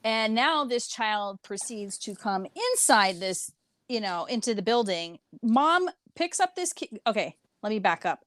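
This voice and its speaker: Woman, podcast co-host, animated storyteller, frequent laughter, dry sound. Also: mid-range voice, a little slow, no echo. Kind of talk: casual chat.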